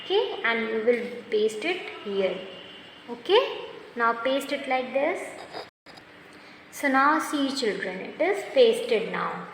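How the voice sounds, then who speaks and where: A woman with a fairly high, animated, gravelly voice leads children through a step-by-step craft lesson, slowly and patiently, praising them often. A little hiss or hum accompanies the sound of a very echoey room with long reverb.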